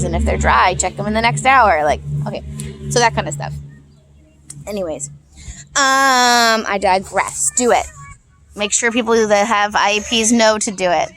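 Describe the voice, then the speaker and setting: Rambly mom chatting in a vlog, kinda gravelly, middle pitch. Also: female voice, a little hiss or hum. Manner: rambling, loose and heartfelt. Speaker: parent vlogger. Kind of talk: casual vlog chat.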